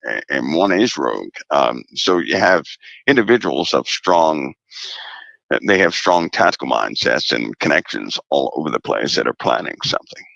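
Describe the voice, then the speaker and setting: A man speaking as a guest commentator in a casual interview, deliberate and emphatic, repeating key phrases. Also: rumbling low, big pitch swings, vocal fry, a bit bright, no room sound, muffled recording.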